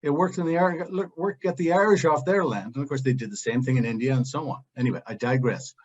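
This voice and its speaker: A husky man talks bluntly and with passion, his speech wandering off on tangents. The sound is dull and lo-fi, like audio from a video call. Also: medium pitch, fast, a little mellow. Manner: blunt, impassioned, digressive. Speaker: panelist. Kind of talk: heated open discussion.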